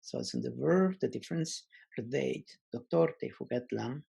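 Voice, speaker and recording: A man teaching a language lesson online, slowly repeating example words and pausing with many fillers. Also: medium pitch, vocal fry, dark tone, breathy edge.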